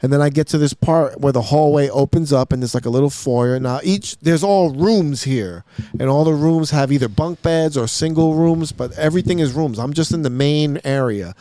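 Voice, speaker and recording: A man with a fairly high voice tells a rambling story on a podcast. His talk is casual and profane, and he drops to a hush when acting out his own lines. The studio sound is close and dry. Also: moderate pace, no room sound. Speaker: podcast host.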